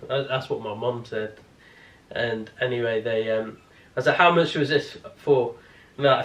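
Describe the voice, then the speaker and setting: A man's voice: medium pitch, a bit bright, highs cut off. Man, casual storytime vlog, rambling and sweary, echoey room, mic at a distance. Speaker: family vlogger. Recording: roomy, distant-mic home recording.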